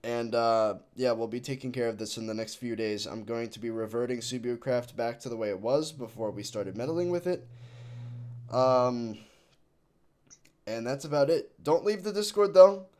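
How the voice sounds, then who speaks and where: A young man hosts a voice chat with his online community. He talks casually in loose restarts, often breaking into laughter, at a middle pitch. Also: normal speed, a little mellow. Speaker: streamer hosting a voice chat.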